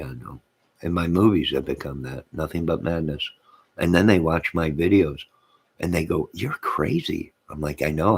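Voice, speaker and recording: A man hosting his own channel rambles to his live chat, reading out comments and laughing to himself. His voice rumbles low with a breathy edge.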